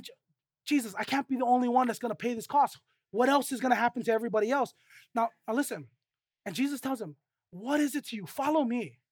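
A pastor preaching a sermon emphatically, often checking in with listeners with quick tag questions and acting out quoted dialogue in a conversational way. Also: high voice, no echo, clean studio sound.

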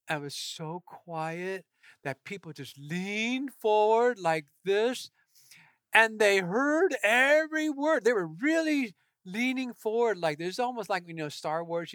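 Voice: mid-range voice, fairly bright tone, no echo. A pastor delivering an earnest, emphatic sermon.

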